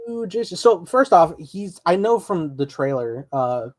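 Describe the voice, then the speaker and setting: A man's voice: on the high side, measured pace, no room sound. Casual man recapping a TV episode. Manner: relaxed, rambling, many "like" fillers. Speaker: podcast co-host.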